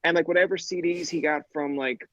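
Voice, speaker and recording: A man in his thirties tells stories in casual podcast chat, acting out quotes with plenty of "like." His voice sits a little high. The recording is dry and dull, with a slightly lo-fi edge. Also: brisk, no room sound. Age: 30s. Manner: animated storyteller, acts out quotes, says "like" a lot.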